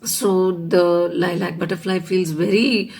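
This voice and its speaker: A woman's voice: on the low side, unhurried, gravelly, a little mellow, husky. A woman hosting a weekly storytelling show, telling a children's fable with lots of casual fillers. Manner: chatty, many fillers like "you know" and "yeah". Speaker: storyteller host.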